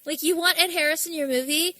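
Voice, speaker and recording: Bright-voiced chatty woman podcaster. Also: very high-pitched, quick pace, dry recording, poor audio. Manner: chatty, laughs often, swears casually. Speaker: podcast co-host. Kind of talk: casual chat.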